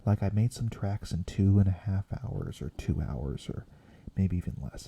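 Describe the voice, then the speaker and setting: A young man streaming as a VTuber, rambling softly in a quiet ASMR chat that slips into whispers. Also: deep voice, normal speed, creaky, husky. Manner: soft rambling, drifting between quiet voice and whisper.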